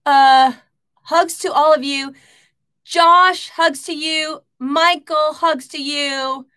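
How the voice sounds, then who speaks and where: A woman hosting a casual live stream from her home kitchen, chatting and shouting out viewers by name. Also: high-pitched, steady tone, takes it slowly.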